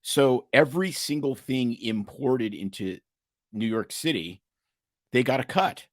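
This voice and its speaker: A man's voice: medium pitch, expressive, measured pace, no echo, studio quality. A man hosting an interview podcast who asks long, rambling questions full of hesitations. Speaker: podcast host. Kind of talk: interview conversation.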